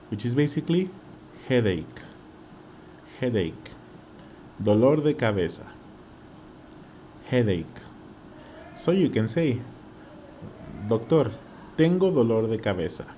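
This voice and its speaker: A man with a mellow, lowish voice and a Mexican accent teaches Spanish vocabulary at a slow pace, a little hiss or hum in the background. He repeats each word patiently and often says "okay?" to check in.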